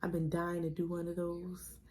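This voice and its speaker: A woman's voice: fairly low pitch, moderate pace, breathy edge. A young adult woman, casually telling a personal story on her vlog and acting out the people she quotes. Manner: chatty, animated retelling with quoted voices, addresses viewers as y'all. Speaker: vlogger.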